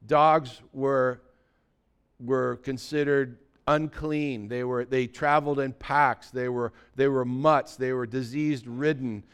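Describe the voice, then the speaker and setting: Pastor guy preaching, smooth clear voice, goes from calm to loud and fired up. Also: slow. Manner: swings from quiet teaching to loud, high-pitched emphatic outbursts. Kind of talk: sermon.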